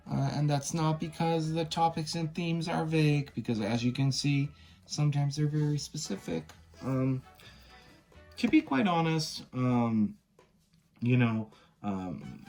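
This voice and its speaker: A man's voice: medium pitch, darkish tone. A man casually reviewing a tarot and oracle deck, candid and blunt, swearing and using lots of fillers.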